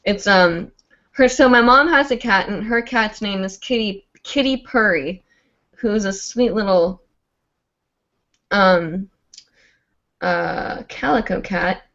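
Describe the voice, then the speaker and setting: A woman talking casually on a livestream, rambling and filling pauses with "like" and "um". Her voice sits at an ordinary middle pitch. The audio is dull and lo-fi. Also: fairly bright tone. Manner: chatty, rambling, full of "like" and "um". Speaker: host of a live hooping show.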